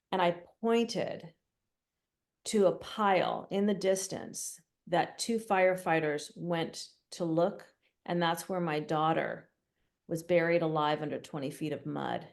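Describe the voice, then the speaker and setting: A middle-aged woman telling a personal story in a halting way, with many fillers, going quiet at the hardest parts. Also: lowish voice, vocal fry. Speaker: guest author. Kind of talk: personal testimony.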